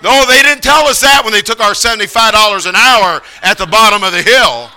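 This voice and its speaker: A middle-aged man preaching, telling a story with lively acted-out voices of the people in it. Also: high-pitched, brisk. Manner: animated, acts out voices of others in the story. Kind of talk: sermon storytelling.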